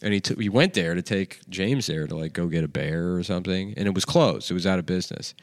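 A man's voice: sits low, fast, no echo, clean studio sound. Rambling, swearing guy telling a story. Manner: profane, rambling storytelling with many fillers. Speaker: comedy podcast host. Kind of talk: casual chat.

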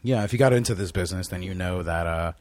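Guy on a podcast, kinda sick, real low voice, dry sound, cusses a lot. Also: quick pace, no echo. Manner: swears a lot, animated storyteller. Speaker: podcast co-host. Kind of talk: casual chat.

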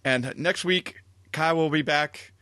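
A man's voice: fairly high pitch, a little slow, pushed and bright, no echo, clean studio sound. A man hosting a podcast, rambling through casual wrap-up announcements with easy chuckles, speaking over a computer mic on a call. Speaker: podcast host.

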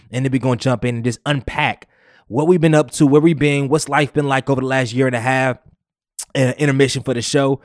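A man hosting his own podcast, opening the episode with an excited, emphatic monologue full of slang and repeated phrases. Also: mid-range voice, no room sound, clean studio sound. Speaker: podcast host. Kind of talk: hyped solo podcast intro.

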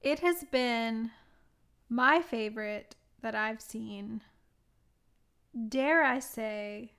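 A woman co-hosting a movie review podcast, playful and quick to laugh in casual chat. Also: on the high side, fairly bright tone, smooth. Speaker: podcast co-host.

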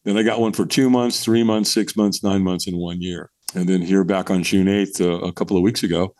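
A middle-aged man tells his story in a relaxed, frank way. His delivery is animated and he swears now and then. The sound is dry and close-miked. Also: a little fast, no echo. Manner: animated, jumps into high voices when quoting people; candid and frank, swears freely. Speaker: podcast guest. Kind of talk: storytelling in casual conversation.

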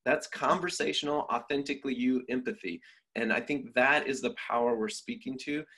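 Husky-voiced man musing on a podcast. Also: medium pitch, moderate pace, pushed and bright. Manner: reflective, thinks aloud with restarts. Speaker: podcast co-host, trainer. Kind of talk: conversational podcast talk.

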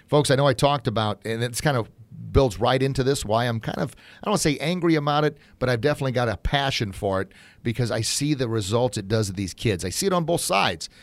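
A man's voice: medium pitch, no echo. Earnest, impassioned man hosting a podcast. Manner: earnest, impassioned, addresses listeners as folks. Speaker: podcast host and martial arts academy owner. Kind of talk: passionate podcast talk.

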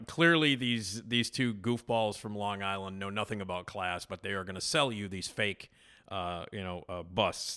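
A man hosting casual commentary, rambling along with fillers and real enthusiasm. His voice is on the low side but very bright and forward. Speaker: host.

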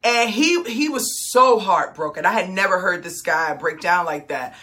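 A woman's voice: lowish voice, animated, normal speed, pushed and bright. A middle-aged woman hosting a group coaching call, talking in a fired-up, emphatic way. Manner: fired-up, emphatic, laughs often. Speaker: host.

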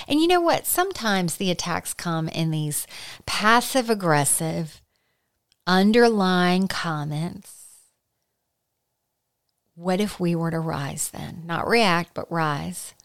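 A middle-aged woman giving an earnest, conversational Christian teaching, slowing down to stress key points. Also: on the low side, animated. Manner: earnest, slows down for emphasis. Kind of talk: conversational sermon.

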